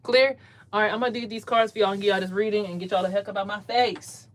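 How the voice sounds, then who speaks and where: Speaking at a very fast clip with a medium, fairly even voice, a woman does card readings on a casual livestream from a small closet. She preaches emphatically, repeats herself a lot and breaks into loud mimicry of others.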